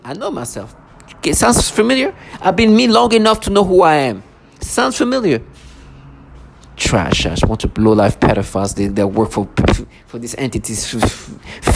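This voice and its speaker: A man's voice: medium pitch, vocal fry. A man in an angry vlog monologue, ranting and agitated, stumbling over restarts. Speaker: vlogger. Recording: noisy recording.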